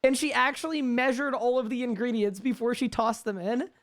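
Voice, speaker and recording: A man's voice: extremely high pitch, fairly even intonation, brisk. A young man with a Canadian accent, chatting casually on a live gaming stream and answering chat questions.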